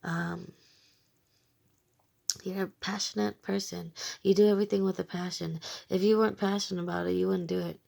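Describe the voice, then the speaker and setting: Gravelly-voiced woman giving a tarot reading. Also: lowish voice, steady tone, moderate pace, dark tone. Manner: frank and emphatic, swears freely, addresses the viewer as you; speaks in short bursts, repeats phrases. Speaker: tarot reader. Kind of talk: casual spoken tarot reading.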